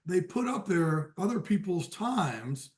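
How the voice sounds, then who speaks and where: A man guesting on a sports podcast, telling an animated anecdote and laughing often as he goes. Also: high-pitched, takes it slowly. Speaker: guest football insider.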